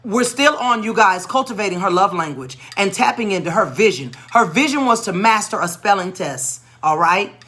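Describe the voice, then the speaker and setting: A woman educator telling a classroom story in an animated, expressive way, acting out the voices of the people in it. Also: medium pitch, normal speed, few pauses. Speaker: educator and tutor. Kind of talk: storytelling teaching talk.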